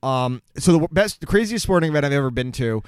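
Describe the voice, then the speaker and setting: A man's voice: fairly high pitch, animated, fast talker, smooth, dry recording. Joking podcast guy, dry close mic. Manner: joking, swears freely, asks interview questions. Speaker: podcast co-host. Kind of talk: casual chat.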